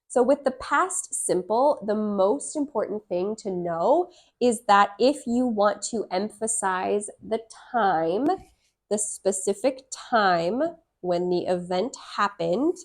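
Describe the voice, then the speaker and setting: A woman teaching English grammar, reading each example sentence slowly and repeating it. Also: mid-range voice. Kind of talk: slow, clear grammar lesson.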